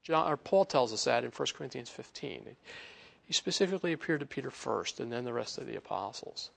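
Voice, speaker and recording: A man giving a conversational Bible teaching, casual and animated, chuckling between points. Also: medium pitch, brisk, vocal fry.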